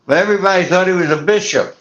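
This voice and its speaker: A man's voice: high voice, very fast, fairly bright tone. A man hosting a casual chat, telling a rambling, profane story and acting out the dialogue he quotes. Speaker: show host. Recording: muffled lo-fi audio.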